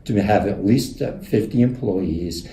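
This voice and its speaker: A man teaching a leadership course, telling stories in a conversational, animated way and acting out the quotes. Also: lowish voice, measured pace. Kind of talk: recorded lecture with storytelling. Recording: echoey room.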